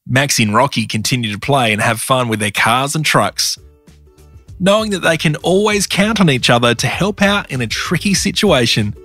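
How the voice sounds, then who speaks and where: A man narrating a children's story with a gentle, sing-song storytelling manner. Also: mid-range voice, lively intonation, moderate pace, faint music behind. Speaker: storyteller and producer.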